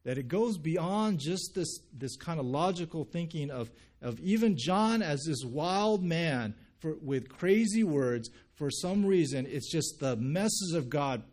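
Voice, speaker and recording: A man pastor preaching a sermon, animated, acting out people's reactions and reading scripture aloud. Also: fairly high pitch, measured pace, hardly any pauses. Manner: animated, acts out quoted reactions.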